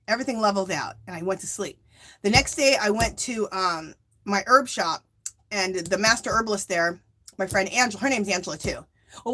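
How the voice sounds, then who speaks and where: Middle-aged female livestream host, casual and rambling, voice on the higher side. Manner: rambling, animated storytelling.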